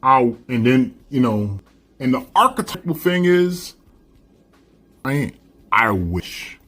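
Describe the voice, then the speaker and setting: A man's voice: medium pitch, expressive, takes it slowly, fairly bright tone, slightly rough. A male teacher giving a casual classroom literature lecture, talking things through and checking in with "right?" after nearly every point. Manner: conversational, keeps asking "right?".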